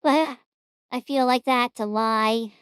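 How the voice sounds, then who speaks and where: A woman's voice: on the high side, fairly even intonation, takes it slowly, a bit bright, smooth, dry recording. A woman hosting a reaction stream, commenting in a chatty, rambling, amused way.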